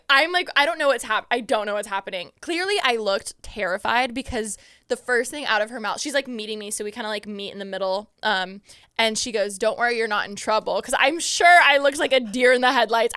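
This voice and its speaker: A young woman hosting a podcast, telling a story in a casual, excitable way and acting out her own reactions. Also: fairly high pitch, a little fast, smooth, dry recording, studio quality. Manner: excitable, animated quoting of herself. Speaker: podcast host.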